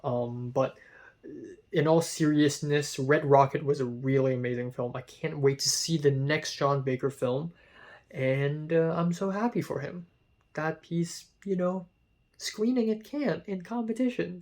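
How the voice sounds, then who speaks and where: A man talking casually about a film festival line-up, rambling with many fillers and growing excited at times. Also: on the high side. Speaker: film reviewer. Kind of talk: casual vlog commentary.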